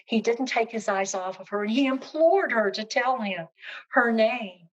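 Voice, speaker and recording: A woman telling a folk tale aloud with expressive, rhythmic repetition. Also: on the high side, a little slow, muffled recording. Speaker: storyteller. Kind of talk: oral storytelling of a folk tale.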